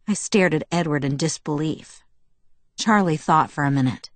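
A woman reading a first-person novel aloud in a measured storytelling manner. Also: deep voice, no echo. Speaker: audiobook narrator.

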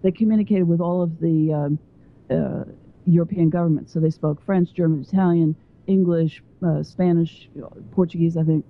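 A woman with a lowish voice talks at length over a tinny phone line. She rambles and digresses from one point to the next. She speaks as a guest author on the call. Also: steady tone, moderate pace, dry recording. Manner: talkative and digressive. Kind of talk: phone interview.

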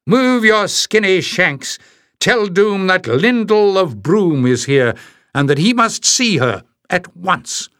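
A man's voice: high-pitched, expressive, takes it slowly, fairly bright tone, no room sound, clean studio sound, pitched above the performer's own voice, exaggerated voice. A man voicing a huge, scornful warrior woman who roars her orders in a storybook reading. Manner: roaring, contemptuous.

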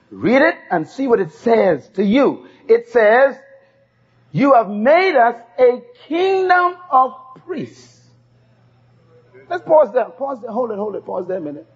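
A man's voice: very high-pitched, big pitch swings, a little slow, slightly rough. A man preaching a sermon, emphatic and repeating key phrases for the congregation to say back. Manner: emphatic call-and-response preaching. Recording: dull lo-fi sermon tape.

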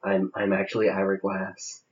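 A man doing an impression of a soft-spoken, earnest public-radio host, speaking low and murmured. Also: completely flat delivery, normal speed, lo-fi sound, lightly acted. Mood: hushed earnest.

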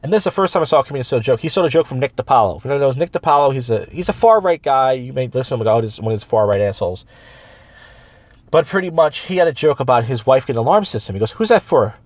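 Talking quickly on his casual podcast, the host, who also does open mic comedy, wanders through long tales, restarting sentences and slipping into other people's voices. His medium-pitched voice is expressive, captured close and dry on a studio mic with no room sound.

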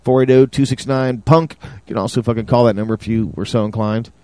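A male podcast co-host chats loosely, rambling with plenty of fillers and swearing. His voice sits at an ordinary male pitch. The recording is dry and close. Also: steady tone, quick pace, darkish tone, no echo. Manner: rambling and profane, many fillers. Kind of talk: casual chat.

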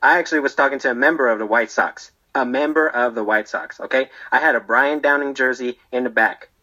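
In a comedy monologue, a man plays a rambling, defensive prison barber telling his story to an interviewer, tagging his lines with "okay?" and "right?". His medium-pitched voice is fairly quick, pushed and bright, and the recording is rough.

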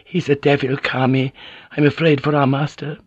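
A man's voice: mid-range voice, little pitch movement, moderate pace, husky, no echo, voice pushed up, close to an everyday voice. A man reading an audiobook, voicing a frightened, tearful court lady who sounds anxious and pleading. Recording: dull, dry audiobook tape.

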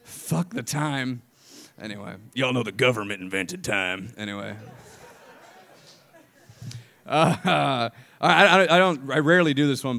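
A man's voice: mid-range voice, gravelly, a bit bright, clear, resonant tone. A man from Chicago performing spoken word poetry at a live open mic, with rhythmic repeated lines and crude, joking asides. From Chicago, United States.

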